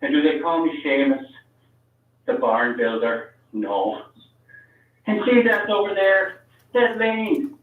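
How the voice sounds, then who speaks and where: A man's voice: fairly high pitch, expressive, takes it slowly, pauses often, heavy reverb. A man on a phone line putting on a put-on Irish accent to play a grumbling old countryman. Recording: distant tinny phone line.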